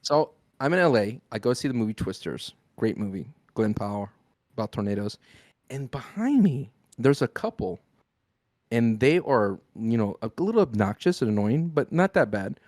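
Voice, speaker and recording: A man co-hosting a wrestling podcast, chatting casually and telling stories with a joking, relaxed manner. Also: medium pitch, normal speed, no echo, clean studio sound. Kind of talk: casual chat.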